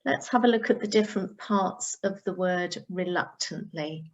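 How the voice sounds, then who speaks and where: A woman primary school teacher, giving a recorded reading lesson, sounding out words slowly and carefully for pupils. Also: fairly low pitch, highs cut off.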